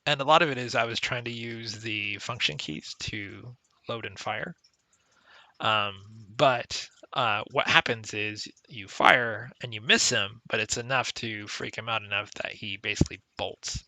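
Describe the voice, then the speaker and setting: A man talks through an old adventure game in a relaxed, chatty way, stopping to explain how things work. His voice is very bright and forward. The recording is dry and close, with almost no room sound. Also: on the low side, unhurried, no room sound. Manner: conversational, explains game mechanics with occasional laughs. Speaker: let's play commentator. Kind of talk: casual gameplay commentary.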